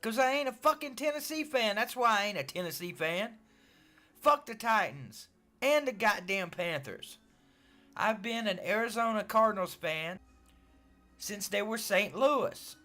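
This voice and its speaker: A middle-aged man ranting in a put-on gruff tough-guy voice, profane, boastful and loud, trash-talking a rival fan in a video. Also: sits high, lively intonation, a little slow, faint music behind. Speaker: sports fan vlogger.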